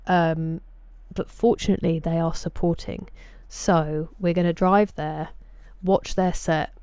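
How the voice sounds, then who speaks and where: Low, mellow Sussex woman streaming. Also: steady tone, a little slow, smooth, no room sound. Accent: Sussex English. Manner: chatty, greets viewers by name. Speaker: game streamer. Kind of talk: casual live-stream chat.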